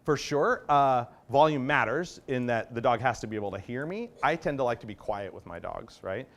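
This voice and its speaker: A dog trainer gives a conversational workshop talk in a medium-pitched, fairly bright voice with lively intonation and a normal pace. He explains things while often checking in with his listeners, acting out commands in varied tones.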